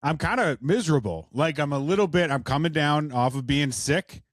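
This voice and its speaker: Male co-host, fired-up profane rant, slightly high voice, dry close sound. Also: lively intonation, moderate pace, no room sound. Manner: profane, ranting. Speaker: podcast co-host. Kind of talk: casual chat.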